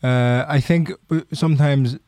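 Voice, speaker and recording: A man's voice: medium pitch, fairly even intonation, a little slow, darkish tone, smooth, no room sound, clean studio sound. A young Irish man, a stand-up comedian, talking thoughtfully in a casual podcast chat, hesitating and choosing his words. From Ireland.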